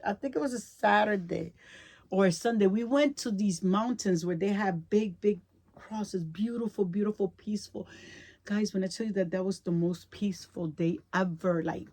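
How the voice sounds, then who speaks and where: A woman's voice: medium pitch, a little mellow. Emotional middle-aged woman telling a story. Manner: emotional, repeats words for emphasis, often says "guys". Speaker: vlogger. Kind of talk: casual heartfelt storytelling to viewers.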